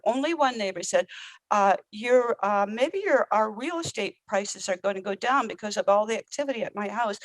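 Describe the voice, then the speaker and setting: A woman's voice: on the high side, no room sound, low-quality recording. Earnest woman in a dry room. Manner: earnest, conversational, many fillers. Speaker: guest, parent and housing advocate. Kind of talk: panel discussion.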